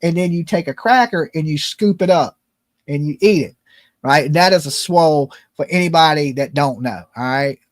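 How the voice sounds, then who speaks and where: A man's voice: fairly high pitch, moderate pace, no room sound, studio quality. A man hosting a livestream in casual joking chat, loose and rambling, swearing freely as he banters. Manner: loose, rambling and profane, jokey phone-prank banter. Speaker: streamer host.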